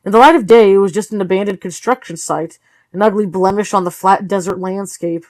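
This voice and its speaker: A tired woman reading a novel aloud in steady, low-key storytelling narration. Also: fairly quick, no echo. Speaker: audiobook reader. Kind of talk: read-along narration of a novel.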